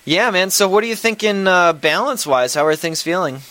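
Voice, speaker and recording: Playful male podcast host, slightly higher voice, dry close recording. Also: expressive, brisk, sharp tone, no room sound. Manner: joking, playful. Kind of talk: casual podcast hosting.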